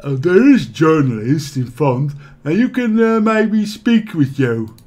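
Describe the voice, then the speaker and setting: A man's voice: on the high side, big pitch swings, measured pace, a little mellow. A man voicing a male half-orc adventurer in a video game in a casual, hesitant everyday way.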